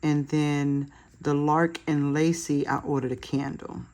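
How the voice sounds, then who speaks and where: A woman's voice: low voice, flat delivery, a little slow, darkish tone. A woman chatting casually while decorating her planner, laughing at herself with self-deprecating humor. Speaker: planner vlogger.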